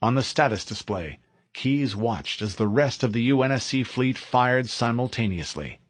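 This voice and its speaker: Brief: dramatic male narrator, lively intonation, dry studio sound. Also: mid-range voice, moderate pace, no room sound. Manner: dramatic, steady storytelling. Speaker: audiobook narrator. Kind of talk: scripted narration of a military sci-fi novel.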